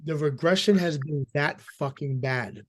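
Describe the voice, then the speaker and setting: Hoarse male sports-podcast co-host, slightly high voice, ranting hard with stammered restarts. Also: a little slow, over a noisy crowd. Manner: emphatic, profane, stammering repeats. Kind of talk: casual sports chat.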